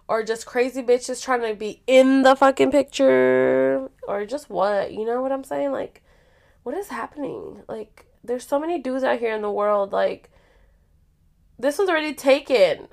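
A young woman talks straight to her viewers in a loose, chatty vlog. Her voice sits a little high, and she swears freely as she acts out each person's lines. She talks fast and plays to her audience. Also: gravelly. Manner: animated and profane, acts out quotes. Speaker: vlogger telling a story. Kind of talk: casual storytelling to viewers.

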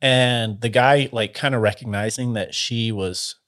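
A man telling a story casually, in a loose, halting way full of fillers and restarts. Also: mid-range voice, steady tone, a bit bright.

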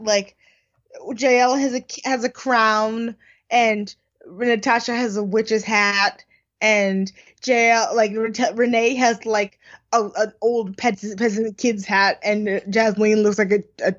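A woman co-hosting a casual recap chat, chatty and full of quick asides. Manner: chatty, quick asides, mimics people in high voices. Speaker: podcast co-host. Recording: dull lo-fi audio.

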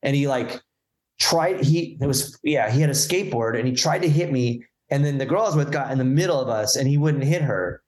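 A man's voice: mid-range voice, a little fast, poor audio. A man guest telling stories in casual conversation, acting out the people he quotes. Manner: animated storyteller, acts out quoted voices. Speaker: podcast guest, musician. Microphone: video call.

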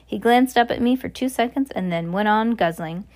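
A woman reads a children's novel aloud at a medium pitch. Her delivery is plain and unpolished, with the occasional slip and restart. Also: moderate pace, a little mellow. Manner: plain, unpolished reading with small slips and restarts. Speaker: reader.

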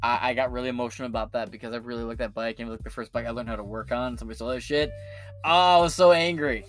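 A man hosting a casual political commentary show, ranting in a profane, animated way with many restarts. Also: mid-range voice, rapid-fire, soft background music.

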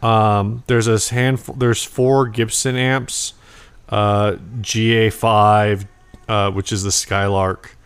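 A man's voice: fairly low pitch, little pitch movement, takes it slowly, clean tone. A man co-hosting a casual podcast chat, rambling and hesitant, often breaking into laughter. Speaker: podcast co-host.

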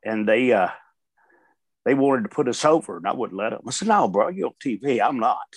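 A man's voice: mid-range voice, brisk, husky, no room sound. An older man, a veteran wrestler, telling stories in a casual chat, laughing often and acting out what others said. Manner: animated storyteller, laughs often, acts out quotes.

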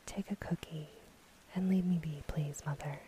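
A woman's voice: sits low, steady tone, normal speed, mellow, a little hiss or hum, close to an everyday voice. A woman whispering as a weary, sarcastic young prince, whispered role-play.

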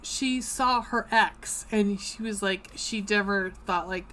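Bright-voiced gushing woman podcaster. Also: mid-range voice, takes it slowly, a little hiss or hum, rough recording. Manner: gushing, emotional, swears freely. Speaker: podcast co-host. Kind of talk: casual book chat.

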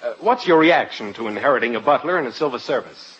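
An actor playing a brash, joking newspaper reporter, in 1940s radio comedy style. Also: male voice, medium pitch, animated, fast, a bit bright, lightly acted. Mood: wisecracking. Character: wisecracking young American male reporter. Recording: muffled old radio broadcast.

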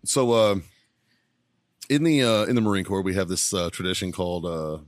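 A man's voice: sits low, expressive, moderate pace, dry recording, clean studio sound. Profane laughing man telling a story. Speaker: podcast co-host. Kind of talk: casual storytelling.

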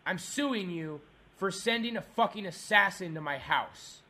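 A man on a prank call, ranting furiously, swearing and shouting at the person on the line. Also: high voice, animated, unhurried. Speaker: prank caller.

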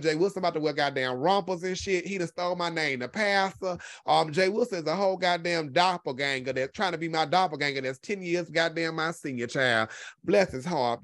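Sassy, profane man swinging high and low. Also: fairly bright tone. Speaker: host. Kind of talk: casual livestream monologue answering chat.

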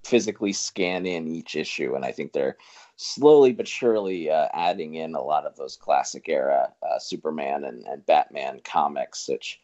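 A man's voice: very deep voice, animated, moderate pace, darkish tone. A man co-hosting a podcast in casual chat, agreeable and wry, laughing along. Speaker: podcast co-host. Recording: dull lo-fi podcast mic.

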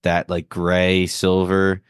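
A man's voice: low voice, monotone, takes it slowly, clear, resonant tone, no echo, clean studio sound. A man co-hosting a casual talk show about a TV series, rambling and jokey with lots of filler words. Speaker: podcast co-host. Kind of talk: casual chat.

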